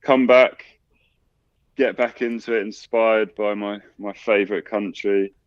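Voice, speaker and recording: A man talking as the guest of a casual video-call interview, relaxed and rambling, with plenty of fillers. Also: fairly low pitch, measured pace, dry recording, highs cut off. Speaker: DJ and producer, guest.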